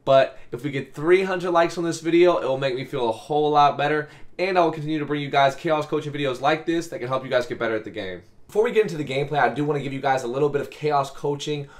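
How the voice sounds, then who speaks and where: A man with a raspy, hoarse voice from a cold, commenting on a football video game and cheering at plays. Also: fairly high pitch, fast. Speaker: gaming commentator. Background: faint background beats.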